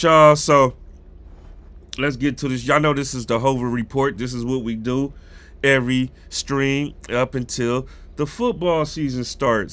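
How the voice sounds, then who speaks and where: Stuffed up with a cold, a man talks football news casually on a live stream in a mid-range, somewhat bright voice. He's chatty and says hello to viewers in chat directly.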